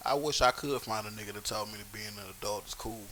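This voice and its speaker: A man's voice: on the low side, quick pace, bright, forceful tone. A man in casual podcast chat, joking and laughing often. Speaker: podcast co-host. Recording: faint hiss.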